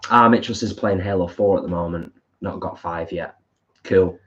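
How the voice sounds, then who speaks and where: An easygoing man with a fairly low voice chats on a home live stream. He reads out viewer comments and agrees readily, and the audio is muffled and lo-fi. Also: moderate pace, a bit bright. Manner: easygoing and agreeable, with many fillers. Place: living room at home.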